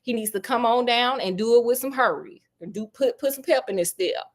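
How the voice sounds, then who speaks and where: A woman voicing a loyal male doctor, a friend who is a little hurt, talking fast in casual slang. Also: fairly high pitch, close to an everyday voice. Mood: urgent.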